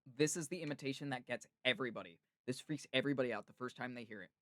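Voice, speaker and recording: A man's voice: medium pitch, racing, a bit bright, dry recording. Chatty male podcast host, enthusiastic, filler-heavy, dry close sound. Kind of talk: casual chat.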